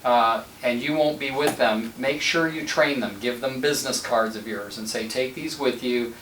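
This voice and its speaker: A man's voice: medium pitch, normal speed, fairly bright tone. Man training a sales team, roomy distant sound. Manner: conversational, tells anecdotes with quoted dialogue. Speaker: real estate team leader and trainer. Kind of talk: casual sales training talk. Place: office meeting room, filmed. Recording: roomy sound from a distant mic, faint noise.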